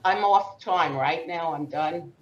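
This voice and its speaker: A woman's voice: sits low, slow pace, reverberant, lo-fi sound. An older woman from Brooklyn with a Brooklyn accent, telling bawdy stand-up jokes at an open mic with Yiddish slang. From Brooklyn, New York. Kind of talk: stand-up comedy set.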